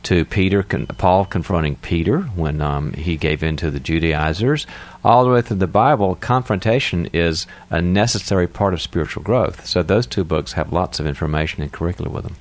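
A man's voice: sits low, a little fast. A man co-hosting a call-in radio show, giving a caller advice with long, explanatory answers. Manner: explanatory, runs through references in long sentences. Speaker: radio show co-host, psychologist.

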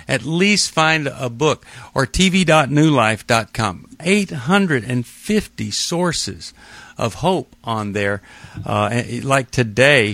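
A man hosts a call-in counseling show, easygoing and reassuring with casual fillers. His voice sits at an ordinary middle pitch. The studio sound is dry and close. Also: dry recording. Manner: gentle, reassuring, conversational with fillers. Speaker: radio show host.

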